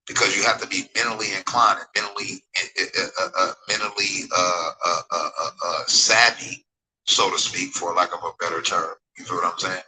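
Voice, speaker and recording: A man in his forties speaks at normal speed in a low, bright, forceful voice with fairly even intonation, on a rough recording with slight background noise. His livestream monologue rambles as he reads the chat, stressing points, wandering off topic, repeating phrases and often asking viewers if they follow him and agree.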